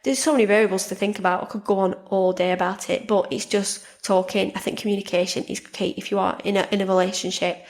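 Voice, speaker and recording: Chatty woman with a gravelly edge. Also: medium pitch, steady tone, fast talker, few pauses. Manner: chatty, repeats words and restarts often. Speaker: podcast host and life coach. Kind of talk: casual monologue.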